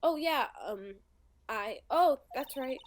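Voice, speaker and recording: Woman reading as a flustered young witness, high voice. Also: animated, takes it slowly. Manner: hesitant, full of ums and trailing off. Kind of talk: reading game dialogue aloud.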